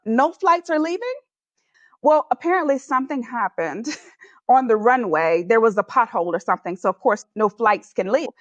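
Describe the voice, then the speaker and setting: A woman's voice: a little high, brisk, no echo. A woman guest on a podcast, animatedly telling a personal story and laughing often as she goes. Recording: slightly dull, dry recording.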